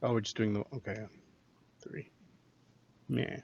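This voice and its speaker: A man's voice: lowish voice, steady tone, moderate pace, gravelly, darkish tone, breathy edge, highs cut off. A man playing in a tabletop game, stumbling and correcting himself as he works out his attacks. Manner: stumbling, self-correcting about dice rolls. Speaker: player. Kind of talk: casual tabletop game chat.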